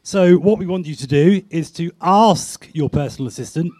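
A high-voiced man runs a lively tech meetup game. He talks in excited bursts, laughs easily, and fires off quick countdowns. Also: no room sound, studio quality. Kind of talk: lively game-show style hosting.

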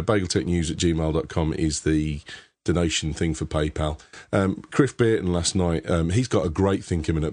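Low-voiced chatty English podcast host. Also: male voice, a little mellow, husky. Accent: Birmingham English. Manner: chatty, rambling with many restarts and laughs. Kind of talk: casual tech podcast chat.

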